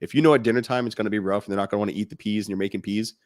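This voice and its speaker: A man with a lowish voice races through his lines as co-host of a fatherhood podcast, captured in clean studio sound with no room noise. The casual chat is blunt and animated, full of jokes delivered in mocking quoted voices.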